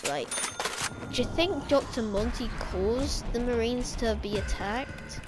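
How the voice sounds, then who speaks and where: A fairly high-voiced woman rambling through game theories in a loose, casual way, stopping to correct herself mid-thought. Loud gunfire and game noise run steadily underneath her voice. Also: slow pace. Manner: rambling, self-correcting, speculative. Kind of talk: casual game-lore vlog commentary. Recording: game gunfire playing behind.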